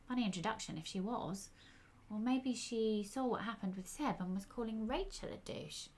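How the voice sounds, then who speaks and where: A woman's voice: mid-range voice, moderate pace. A woman storyteller reading her own fiction aloud in a wry, conversational way.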